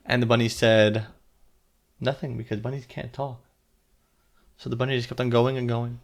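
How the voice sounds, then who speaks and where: A man telling a children's story aloud in simple, gentle words, pausing to quiz the listening child. His voice is gravelly, at a middle pitch. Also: little pitch movement. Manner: interactive, asks the listening child questions.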